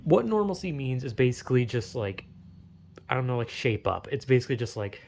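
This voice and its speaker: A man's voice: medium pitch, expressive, brisk, vocal fry, darkish tone. A young man talking alone in a loose, rambling way, swearing often and laughing at his own tangents. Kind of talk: casual rambling monologue.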